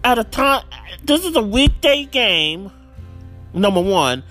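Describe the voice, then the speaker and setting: High lively guy ranting about football picks, keeps repeating himself, faint music behind. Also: takes it slowly. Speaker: podcast host. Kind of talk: solo football picks rant.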